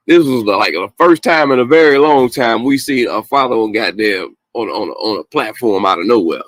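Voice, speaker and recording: A man's voice: medium pitch, animated, moderate pace, few pauses, dry recording. A man hosting a podcast, talking bluntly and profanely in a loose casual rant, mocking others in quoted voices. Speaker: podcast host.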